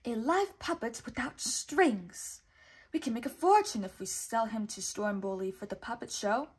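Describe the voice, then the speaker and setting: A sly male fox swindler from a storybook, smooth-talking and wheedling, his voice pitched high and pushed loud, as a woman reading aloud puts him on. He is greedy and showy, bowing his way into a con. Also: moderate pace. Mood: smooth, scheming.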